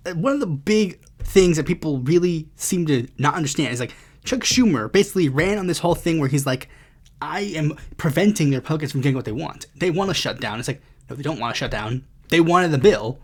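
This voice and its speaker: A young man rants through his political commentary, swearing freely and dripping with sarcasm. His voice sits a little high for a man and swings widely in pitch as he goes. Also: lively intonation, fairly quick. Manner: ranting, profane, sarcastic. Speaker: podcast host.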